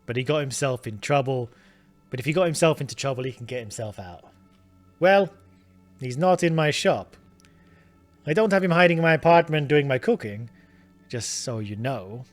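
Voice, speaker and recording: A man's voice: mid-range voice, expressive, normal speed, pauses often, soft background music, lightly acted. A man voicing a dismissive male shopkeeper with a put-on Italian accent, curt and grumbling.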